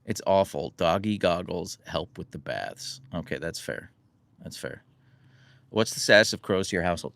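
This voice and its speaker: An American host casually answers his livestream chat, relaxed and rambling, often joking at his own expense. His low, fry-laden voice rises and falls a lot at a moderate pace, and the close recording is completely dry.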